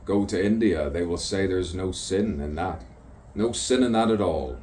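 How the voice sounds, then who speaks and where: A man's voice: low voice, normal speed, warm tone. A man speaking an improvised stream-of-consciousness monologue outdoors, rambling through rhyming wordplay and repeating words over and over. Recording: distant mic with faint background noise.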